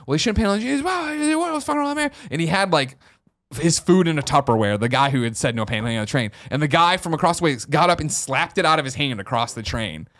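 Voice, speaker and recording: A man's voice: a little high, a bit bright. A man hosting a podcast, telling a story in casual chat and acting out the people he quotes. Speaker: podcast host. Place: podcast studio.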